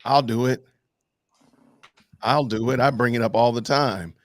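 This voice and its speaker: During a live online panel discussion on a video call, a male panel guest argues emphatically and leans on many rhetorical questions. His voice is mid-range and his pace measured.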